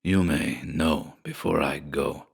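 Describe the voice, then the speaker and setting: Storybook villain: man playing a deep, gruff old father, menacing and impatient. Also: steady tone, takes it slowly, full character voice. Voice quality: gruff, vibrating voice. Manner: impatient, passionate, half-stifled.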